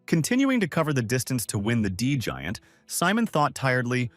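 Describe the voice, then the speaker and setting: A man narrating a story recap from a script in a steady storytelling manner. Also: mid-range voice, moderate pace, dry recording. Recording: dry close voice over soft music.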